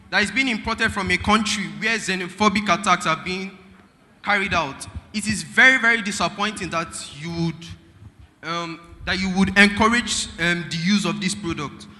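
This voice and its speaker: A teenage boy with a Nigerian accent argues in a school debate. His voice is rather high and sharply bright. He speaks earnestly, often halting to restart, with a long hall reverb around him. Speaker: student debater. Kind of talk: formal school debate speech.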